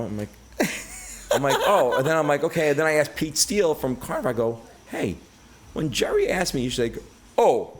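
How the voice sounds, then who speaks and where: A man's voice: fairly high pitch, brisk. A middle-aged man from Brooklyn, telling stories as a podcast guest, full of swearing and acted-out quotes. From Brooklyn, New York. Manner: profane, animated storyteller acting out quotes. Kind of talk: casual storytelling.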